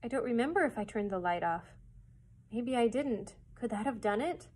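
A woman reading a storybook aloud and voicing an anxious, emotional young girl in a high, urgent voice. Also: lively intonation, normal speed, darkish tone. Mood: guilty.

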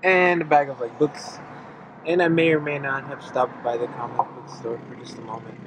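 A man's voice: medium pitch, steady tone, normal speed. Man vlogger, allergy-stuffy voice, rambling asides, street traffic noise behind, handheld camera. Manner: rambling, offhand. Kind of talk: casual vlog chat. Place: driving around town, outdoors and in a car. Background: traffic and city ambience.

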